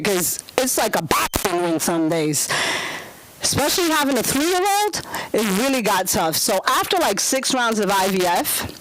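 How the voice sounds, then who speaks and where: A woman in her thirties doing a brash, profane stand-up set at an open mic, jumping into squealing high voices for the people she quotes. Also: low-quality recording. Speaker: stand-up comedian. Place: comedy club stage.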